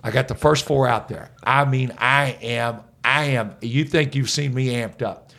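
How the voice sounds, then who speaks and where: Gravelly middle-aged man, coach type, lively energetic storyteller, guest on a talk show. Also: medium pitch, measured pace. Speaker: head basketball coach, podcast guest. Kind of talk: conversational storytelling.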